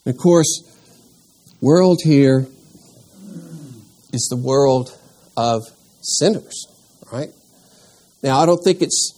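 A man leads a Sunday school class, reading scripture aloud before breaking it down for the group. He talks slowly and deliberately, pausing and restarting his sentences as he works his way toward questions for the class. His voice sits at a medium pitch. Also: darkish tone. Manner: slow and deliberate, with frequent pauses and restarts. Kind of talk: church Bible class teaching.

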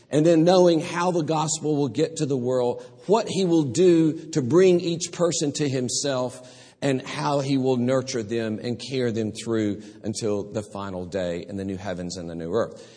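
A man's voice: medium pitch, dark tone, slightly rough, long reverb tail. A man preaching a sermon, earnest and storytelling, often restarting his phrases.

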